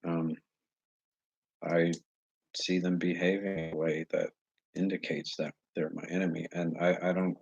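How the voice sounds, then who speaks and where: Man, very low voice, dry dull lo-fi sound, earnest halting monologue. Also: little pitch movement, vocal fry, a little mellow, breathy edge, no room sound. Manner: earnest, halting, pauses to search for words. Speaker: vlogger addressing viewers. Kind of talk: casual spoken monologue. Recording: dull lo-fi recording.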